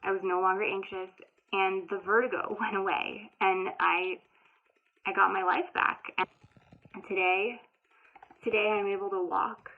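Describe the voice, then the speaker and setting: Woman in her thirties, heartfelt first-person storyteller with a halting delivery and a thin, lo-fi sound. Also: mid-range voice, little pitch movement. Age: 30s. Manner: emotional, halting, many restarts and fillers. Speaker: author telling her story. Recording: tinny phone-like sound.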